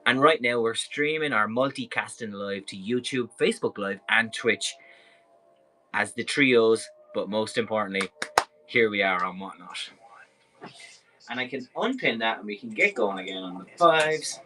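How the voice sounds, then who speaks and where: A man's voice: on the low side, lively intonation, moderate pace, noisy background. An Irish man hosting a live clothing sale, talking in a chatty, enthusiastic and rambling way. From Ireland. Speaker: live-stream clothing seller. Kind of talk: casual live sales patter.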